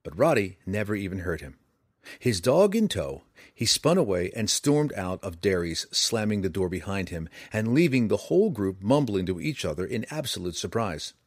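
Male audiobook narrator, low, husky, animated delivery, dry close recording. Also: normal speed, no room sound. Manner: dramatic, expressive reading. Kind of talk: scripted fantasy narration.

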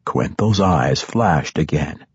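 A male narrator reads a fantasy audiobook slowly and expressively, with a lively, rising and falling delivery. His lowish voice is very husky. The recording is dry and dull, with a lo-fi sound. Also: dry recording. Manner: measured, expressive storytelling.

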